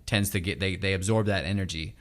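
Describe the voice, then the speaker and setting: A man's voice: low-pitched, fairly even intonation, a little fast. A man in his thirties hosting a casual conversation, reflecting aloud and leaning on "like" as he goes. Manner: reflective, thinks aloud with many "like" fillers. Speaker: podcast host and stay-at-home dad.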